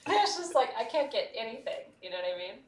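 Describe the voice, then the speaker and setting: A woman's voice: on the high side, sing-song, fast, slight background noise. A woman hosting a live gemstone sales show, talkative and enthusiastic, chatting freely as she sells. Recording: roomy studio sound from a distance.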